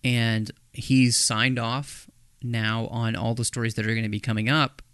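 Male podcast co-host, bright and crisp, dry close mic, chatty and jokey. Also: medium pitch, level tone, unhurried, dry recording. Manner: jokey, chatty, tries silly impressions. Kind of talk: casual podcast discussion.

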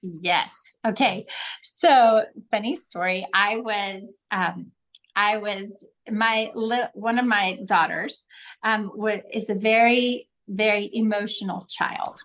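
A middle-aged woman, a parenting coach, talking in a podcast interview and telling stories with acted-out quotes. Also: takes it slowly. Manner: animated storyteller, acts out quotes with big pitch jumps.

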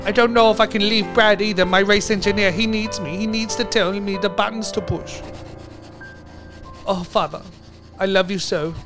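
A man's voice: high voice, steady tone, normal speed. A man voicing a whiny young racing driver who pleads in a letter for his father's love, over a music bed. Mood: pleading. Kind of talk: comedy letter reading.

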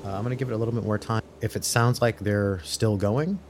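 A man playing a tabletop horror game, deliberately talking through his character's plans out loud. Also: on the low side, slight background noise. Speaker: player.

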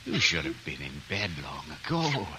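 An actor playing a stern older guardian in a 1940s radio drama, forceful and commanding. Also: male voice, sits low, huge pitch swings, moderate pace, slight background noise, exaggerated voice, rough recording. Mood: tender. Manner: forceful, commanding, swings to tender. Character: stern older guardian nursing an old hatred. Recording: old radio broadcast with music.

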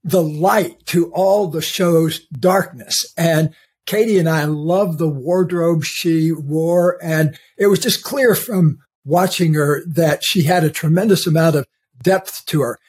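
A man's voice: a little high, slow, husky. An older man hosting a podcast, introducing his guest in meandering, easygoing storytelling. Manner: warm, meandering storytelling with fillers. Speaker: podcast host. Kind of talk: casual interview chat.

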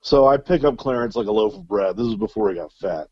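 A man's voice: mid-range voice, animated, fairly quick, creaky, warm tone, dry recording, muffled recording. A man telling a long, profane story as an interview guest, full of fillers and restarts. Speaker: guest musician. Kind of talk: casual storytelling.

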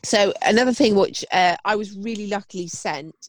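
A woman's voice: medium pitch, normal speed, dry recording. A woman co-hosting a podcast, chatting enthusiastically. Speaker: podcast co-host. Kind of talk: casual chat.

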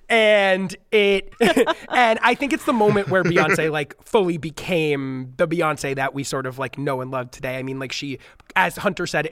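A fairly high-voiced man talks music in a relaxed podcast chat, leaning on filler words and gushing about songs he loves. His voice sits close and dry, with no room sound around it. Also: dry recording. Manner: chatty, frequent "like" fillers, enthusiastic. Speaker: podcast panelist. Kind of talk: casual chat.

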